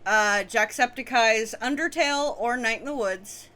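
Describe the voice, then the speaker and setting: A woman's voice: a little high, moderate pace, bright, forceful tone. A woman co-hosting a commentary, chatting candidly and casually, with frequent swearing. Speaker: co-host.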